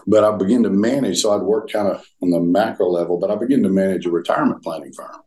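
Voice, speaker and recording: An older man with a Southern US accent, a former pastor telling his story as a podcast guest in an earnest, halting way full of restarts. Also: deep voice, dark tone.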